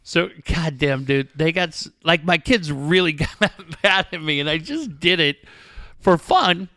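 A man's voice: fairly high pitch, lively intonation, a little slow, pushed and bright, no echo, clean studio sound. A middle-aged man co-hosting a show, telling profane stories with frequent laughter in casual chat. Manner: profane, storytelling, laughs often. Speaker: podcast co-host.

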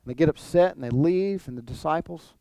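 A man preaching a sermon, animated, repeating his phrases and acting out the people he quotes. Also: a little high, a little fast, vocal fry, dry recording. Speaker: pastor.

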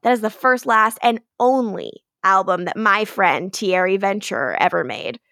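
A woman co-hosting a podcast casually recaps an episode, acting out lines and swearing now and then in an animated retelling. Her voice is mid-range at a normal speed, recorded clean in a studio with no room sound.

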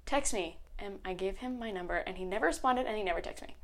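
A woman's voice: mid-range voice, racing. A young woman co-hosting a podcast, telling stories in casual chat and acting out old text messages. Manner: animated storyteller, acts out old text messages. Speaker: podcast co-host.

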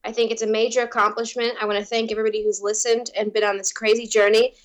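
A woman co-hosting a podcast, quick to giggle and tease. She turns warmly supportive when she praises her co-host's milestone. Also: on the high side, flat delivery. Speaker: podcast co-host, musician. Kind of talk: casual podcast banter.

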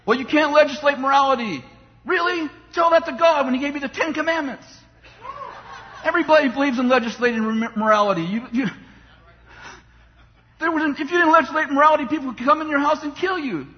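A man's voice: very high voice, a little fast, long pauses. A man preaching a sermon with passion, often mocking the voices of complainers. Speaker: pastor. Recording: dull sound in a long-reverb hall.

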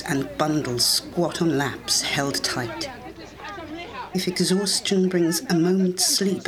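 Measured audiobook narrator. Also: mid-range voice. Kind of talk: scripted story narration.

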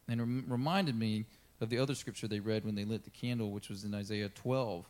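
A man's voice: mid-range voice, steady tone, a little fast, a little mellow. A man preaching a sermon in a conversational way, with many fillers, who reads scripture aloud in a raised, emphatic voice. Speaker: pastor.

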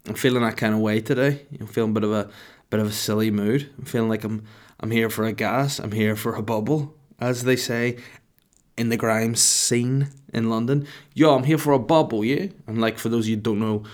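A man's voice: on the low side, steady tone, brisk. A man in his thirties hosting a podcast, telling a rambling comic story in a jokey, self-mocking way. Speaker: podcast host.

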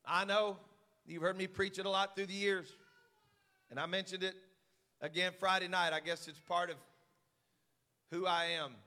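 A man pastor preaching a sermon, swinging from hushed asides to shouted, fiery passages. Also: high-pitched, level tone, moderate pace, long pauses, in a large hall.

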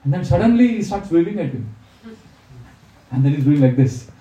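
A man's voice: a little high, big pitch swings, normal speed, lo-fi sound. A man telling stories of monastery life in a spiritual talk, acting out the people he quotes. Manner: warm anecdotal storytelling, acts out the people he quotes. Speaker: monk giving a spiritual talk. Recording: roomy, distant mic.

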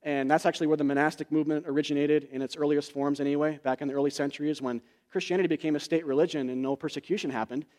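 Earnest high-voiced male preacher. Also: fairly even intonation, rapid-fire, hardly any pauses, darkish tone. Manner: earnest, explanatory, many "right?" asides and "uh" fillers. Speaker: pastor. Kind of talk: sermon.

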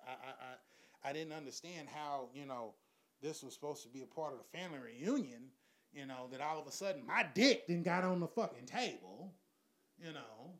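A man's voice: medium pitch, animated, moderate pace, a bit bright. A middle-aged man telling crude stand-up stories with lots of profanity, often laughing at his own jokes. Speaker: stand-up comedian.

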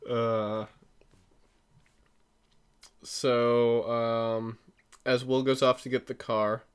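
A man's voice: mid-range voice, flat delivery, very slow, clean tone. A man hosting a podcast, casually recapping a movie with lots of fillers and self-corrections. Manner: rambling, filler-heavy storytelling with self-corrections. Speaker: podcast host.

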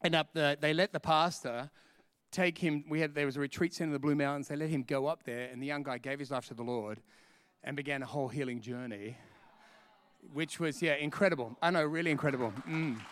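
A middle-aged man from Australia preaching a sermon, telling a personal story in an animated way and laughing at himself. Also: fairly high pitch, brisk, no room sound. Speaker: pastor.

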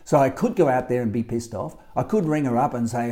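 Australian man, life coach, solo podcast, mellow and emphatic, repeats his points. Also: mid-range voice, a little fast. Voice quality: emphatic, repetitive.

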